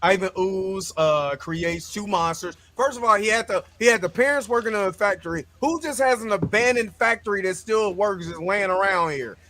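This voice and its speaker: Man, host, high voice, bright tone, animated, joking, slangy, casual movie review. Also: normal speed, hardly any pauses. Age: adult parent. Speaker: show host.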